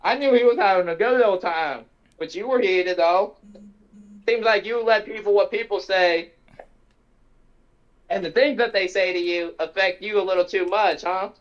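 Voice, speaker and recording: A man in a casual voice chat arguing about a game, talking fast and pushy and swearing a lot. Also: high voice, muffled recording. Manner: argumentative, rapid-fire, swears a lot. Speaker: gamer in a voice chat. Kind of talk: heated casual banter.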